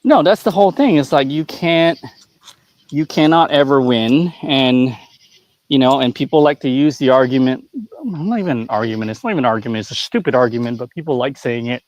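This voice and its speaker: A man's voice: medium pitch, fairly quick, darkish tone, no room sound, lo-fi sound. A man who runs a figure store, talking in a blunt, profane, ranting way in a casual live-stream chat.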